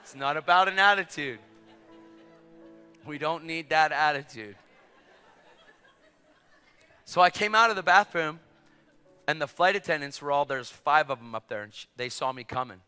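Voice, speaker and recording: An animated male preacher tells his story in a high, bright voice, dropping to hushed asides and rising to shouts. His sermon echoes through a large hall with faint music underneath. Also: normal speed, pauses often, smooth. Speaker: evangelist preacher.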